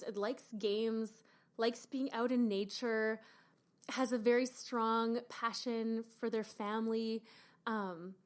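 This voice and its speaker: A woman author from Canada, talking in an animated, expressive way about her book in a radio interview. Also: on the high side. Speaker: author guest.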